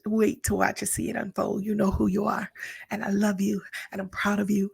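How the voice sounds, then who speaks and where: A woman's voice: mid-range voice, normal speed, gravelly, sharp tone, slightly rough. A middle-aged woman pastor hosting an unscripted podcast, talking with emotion, close to tears, and dropping into whispers at times. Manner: emotional, preacherly, breaks into whispers. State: tearful. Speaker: pastor and mentor, podcast host.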